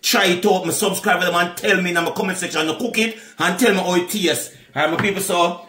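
A man's voice: high-pitched, steady tone, fast, sharp tone, reverberant. Chatty Jamaican man, cooking vlog. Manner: chatty, keeps calling viewers "my people". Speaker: cooking vlogger.

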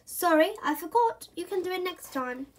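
A woman's voice: very high-pitched, expressive, moderate pace, voice pushed up. A woman voicing an exasperated, scolding mother in a children's storybook reading. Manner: sighing, scolding. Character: busy mum, exasperated but kind.

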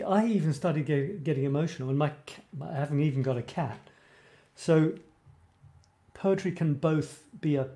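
A man's voice: on the high side, mellow. A man hosting a live writing show, chatting casually in a rambling way, often breaking off mid-sentence and laughing at himself. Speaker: host of a creative writing show. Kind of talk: casual live-stream chat.

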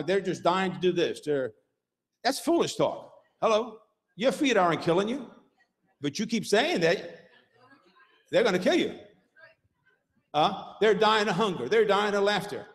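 A man preaching a sermon as pastor, emphatic and rhythmic, throwing out call-outs like "Hello?" and "Huh?" to the congregation. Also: sits high. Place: church sanctuary. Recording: long reverb of a church hall.

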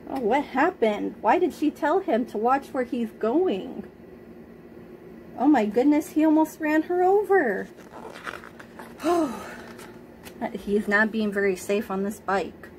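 A woman reads a picture book aloud to preschoolers, taking her time over each line. She speaks gently and keeps stopping to ask the children questions, in a fairly high voice. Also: lively intonation, slow pace, pauses often, slight background noise.

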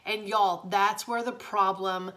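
A woman's voice: medium pitch, steady tone, slow pace, bright, forceful tone. A young woman, chatting casually and confidingly to viewers in a motivational vlog from her home office. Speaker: direct sales director.

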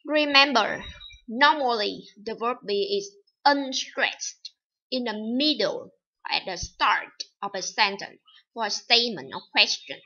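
A woman teaching an English lesson, reading vocabulary items and examples slowly and deliberately. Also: fairly high pitch, animated, pushed and bright. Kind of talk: recorded vocabulary and pronunciation lesson. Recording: dull lo-fi recording.

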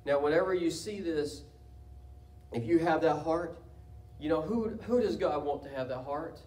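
A man preaching a sermon as pastor, impassioned, his delivery swelling into loud cries. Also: a little high. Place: church sanctuary. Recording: echoey church room from a distance.

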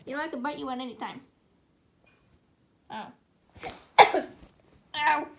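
A woman's voice: sits high, slow pace, gravelly. A woman voicing every character in a homemade cartoon, with frantic yelps and cries of pain. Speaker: fan animator voicing all characters.

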